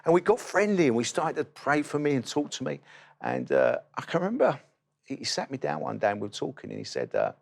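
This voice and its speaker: A man, a guest in an interview, telling his testimony as a lively storyteller who acts out the dialogue. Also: on the high side, a little fast, vocal fry.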